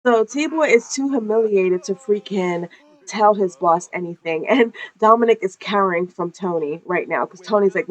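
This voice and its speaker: A woman's voice: medium pitch, normal speed, rough recording. A woman narrating her life-sim gameplay in casual commentary, chatty and profane, often laughing.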